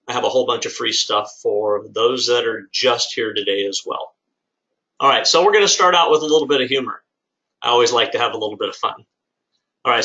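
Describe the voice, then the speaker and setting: A man's voice: medium pitch, bright, forceful tone, highs cut off. Upbeat man hosting a webinar. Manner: upbeat, chatty, salesy, many "all right"s. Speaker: business owner and webinar host. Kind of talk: live lunchtime webinar presentation.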